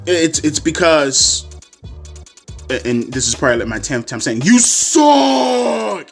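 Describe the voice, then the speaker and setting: A man ranting and mocking loudly in a profane reaction commentary. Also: medium pitch, unhurried, faint music behind. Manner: loud, profane, mocking and animated. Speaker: reaction video creator.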